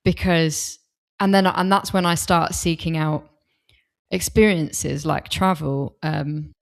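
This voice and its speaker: A female guest on a podcast with a fairly low voice, speaking into a desk microphone. She talks openly and with enthusiasm, often breaking off and restarting her thoughts in casual conversation. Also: fairly even intonation, slow, creaky.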